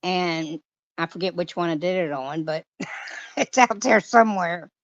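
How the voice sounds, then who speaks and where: A woman's voice: lowish voice, unhurried, no room sound. Woman chatting on a dull, dry mic. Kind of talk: casual gossip chat.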